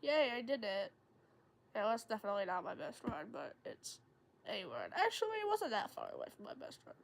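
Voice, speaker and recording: A young woman streamer rambling through a story while she plays a game, full of "like" fillers and sudden excited jumps in tone. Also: brisk, gravelly. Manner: animated, jumps into high excited tones. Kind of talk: casual storytelling while gaming.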